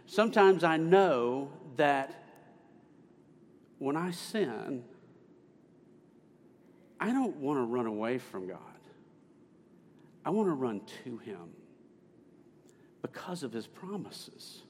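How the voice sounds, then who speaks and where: A man voicing an elderly widowed churchwoman, soft and earnest, in a long-echoing hall. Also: mid-range voice, sing-song, takes it slowly, long pauses, slight background noise. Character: elderly widowed church woman, gentle, devout.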